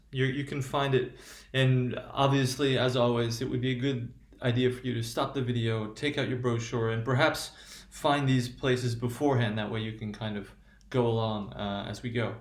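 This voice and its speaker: A man teaching a phonetics lesson on video, often pausing to ask "right?" as he explains. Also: medium pitch. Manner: halting, checks in with "right?". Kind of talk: recorded lecture. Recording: roomy echo.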